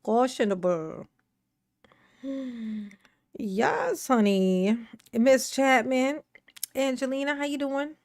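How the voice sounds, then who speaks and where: A woman hosts a casual livestream, greeting her chat one by one. Her voice sits a little high, and she talks slowly and playfully. The sound is dry and close. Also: lively intonation, clear, resonant tone, dry recording. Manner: playful, sing-song, greets chat viewers by name. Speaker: livestream host.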